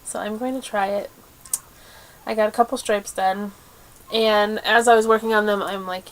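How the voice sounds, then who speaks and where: A woman's voice: medium pitch, steady tone. Chatty woman laughing through her talk. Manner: chatty, laughs often, quick asides. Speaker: podcast host. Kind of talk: casual chat.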